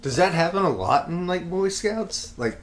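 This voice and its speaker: A man's voice: high-pitched, lively intonation, normal speed. A man hosting a podcast, answering a guest's stories with short reactions and laughs. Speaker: podcast host. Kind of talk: casual interview chat.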